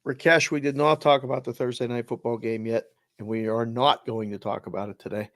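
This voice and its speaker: A man's voice: medium pitch, fairly even intonation, fairly quick, fairly bright tone, no echo. A man co-hosting a casual sports betting show, teasing his partner with dry wit. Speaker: co-host.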